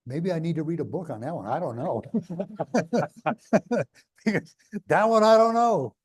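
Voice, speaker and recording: A man's voice: fairly high pitch, animated, measured pace, husky. An older man with a New York accent, telling blunt, rambling stories as a guest in an interview. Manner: blunt, rambling, jokey storytelling. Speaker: guest speaker. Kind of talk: conversational interview on stage.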